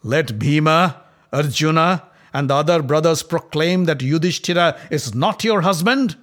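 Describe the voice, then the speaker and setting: A man's voice: fairly high pitch, normal speed, a bit bright, pitched above the performer's own voice, natural voice. A man voicing an arrogant young prince who mocks and gloats with laughter. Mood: mocking. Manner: jeering, taunting with laughter.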